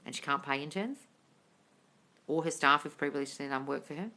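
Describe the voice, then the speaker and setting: Hosting a live stream, a woman with a low, bright and forceful voice speaks at a normal pace. She reads viewer comments aloud and answers them bluntly in casual chat, swearing freely and calling viewers darling.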